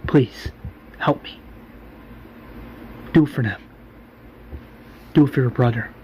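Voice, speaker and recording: A man's voice: medium pitch, slow, a little mellow, a little hiss or hum, voice pushed down, natural voice, rough recording. A man voicing a determined young woman fighter who pleads with her friends. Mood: pleading.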